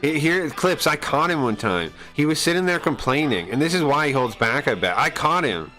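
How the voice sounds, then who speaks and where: A man's voice: fairly high pitch, animated, moderate pace, pushed and bright, soft background music, poor audio. A man on a live stream ranting casually. He swears a lot, sounds aggrieved and rambles with restarts.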